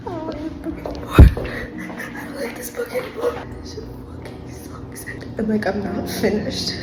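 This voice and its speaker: A young woman talking through her reactions to a fantasy book in a dramatic, expressive way, swearing freely. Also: sits high, heavy background noise. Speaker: book vlogger. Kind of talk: casual reaction vlog. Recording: roomy echo with background music.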